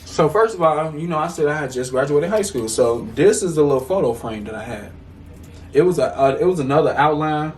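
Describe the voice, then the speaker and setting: A man's voice: fairly high pitch, expressive, a little fast, far from the mic. Fired-up young man telling a story. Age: 20s. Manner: blunt, profane, heated storytelling. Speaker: vlogger. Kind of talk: casual storytime vlog. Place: room at home.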